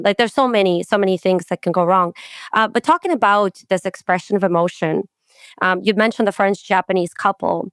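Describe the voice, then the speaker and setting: A woman's voice: brisk, clean tone, dry recording, clean studio sound. Chatty woman podcast host. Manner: chatty and animated, acts out quotes with rising pitch and laughter. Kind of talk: casual interview chat.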